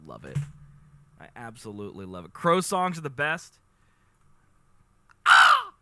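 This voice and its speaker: Excitable bright-voiced male streamer. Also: medium pitch, moderate pace, a little hiss or hum. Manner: excitable, gushing, laughs often. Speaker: live streamer. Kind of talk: casual livestream chat.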